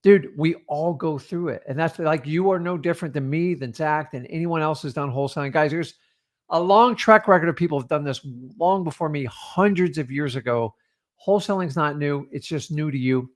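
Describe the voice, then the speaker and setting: A man's voice: a little high, moderate pace. A man co-hosting a livestream, giving a blunt, casual pep talk and calling listeners "dude" and "guys". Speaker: co-host of real estate livestream.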